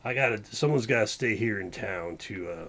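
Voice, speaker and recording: A man voicing a weary, fed-up frontier sheriff with a rough Western drawl and folksy grammar. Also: on the low side, expressive, normal speed, a bit bright, slight background noise.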